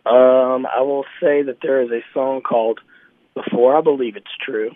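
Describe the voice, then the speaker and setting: A man calling in as a musician guest, with a mid-pitched voice. He talks in a relaxed, easygoing way and laughs often. The sound is dry and close. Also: moderate pace, no echo, phone-quality sound. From Texas. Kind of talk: casual interview chat.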